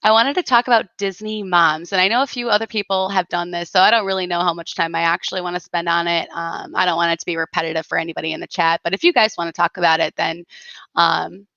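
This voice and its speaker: Woman livestream host, chatty and giggly, bright and smooth voice, dull lo-fi sound. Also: lowish voice, steady tone, fast talker, dry recording. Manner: chatty, giggly, rambling with many fillers. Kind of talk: casual livestream chat.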